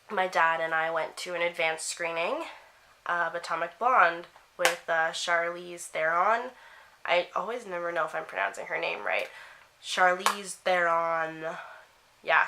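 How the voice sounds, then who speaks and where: A young woman chatting excitedly to camera in a casual vlog while doing her makeup at home. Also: lowish voice, noisy background. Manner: gushing, excitable storytelling. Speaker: vlogger. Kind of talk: casual chat.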